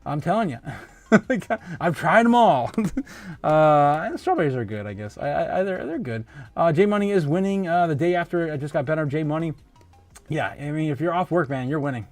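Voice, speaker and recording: Chatty, laughing man with a higher voice. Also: animated, normal speed, a little mellow, dry recording, soft background music. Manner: chatty, laughs often, many filler "uh"s and restarts. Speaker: host of a crypto livestream. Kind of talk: casual livestream chat reading viewer comments.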